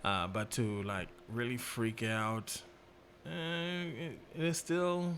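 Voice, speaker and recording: Laid-back man with a bright voice. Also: mid-range voice, slow, a little hiss or hum. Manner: laid-back, laughs often, animated retellings. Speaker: restaurant worker. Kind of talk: casual chat.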